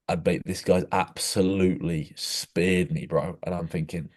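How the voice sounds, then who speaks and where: Laddish young man, very low voice. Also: steady tone, quick pace, hardly any pauses, dark tone. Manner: rambling, laddish storytelling, says "mate" constantly. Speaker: podcast co-host. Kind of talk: casual chat.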